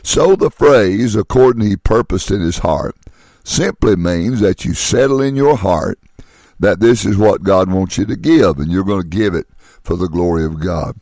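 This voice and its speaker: A man with a low voice preaches a sermon, driving his points home with repetition and pointed questions. The sound is dry and close, with no room around it. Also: animated, normal speed, a little mellow, dry recording. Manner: emphatic preaching with repeated phrases and rhetorical questions.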